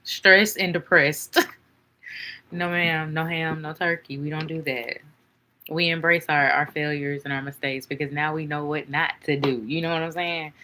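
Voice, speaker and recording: A woman reads tarot cards for her viewers in a low, bright voice. She is chatty and playful, laughs often and calls listeners honey and baby. A faint hiss sits under the recording. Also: steady tone, moderate pace. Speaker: tarot reader. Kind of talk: casual tarot reading to viewers.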